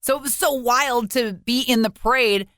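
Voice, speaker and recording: A middle-aged woman co-hosting a podcast, chatting and telling stories with quick, laughing energy. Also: on the high side, fairly bright tone, no room sound, clean studio sound. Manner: quick, laughing, dramatizes her own lines. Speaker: podcast co-host. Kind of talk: casual storytelling chat.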